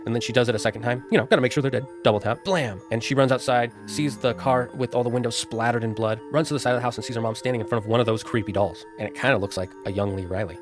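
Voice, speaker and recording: Fast-talking man retelling a film. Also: mid-range voice, over music. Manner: rambling, animated retelling. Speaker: streamer. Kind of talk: unscripted film recap.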